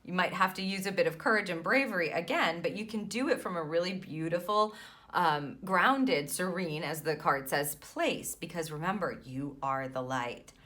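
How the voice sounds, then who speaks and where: A woman's voice: lowish voice, normal speed, pushed and bright. A woman reading cards as an intuitive guide, soothing and affirming, often tagging her lines with "right?". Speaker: tarot reader and intuitive mentor. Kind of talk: spiritual card reading monologue.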